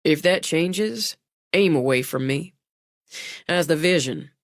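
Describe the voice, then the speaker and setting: Woman narrator doing a steady small-town lawman, mild, matter-of-fact, dry recording. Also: low-pitched, slow, dry recording, heavily acted. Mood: calm, official.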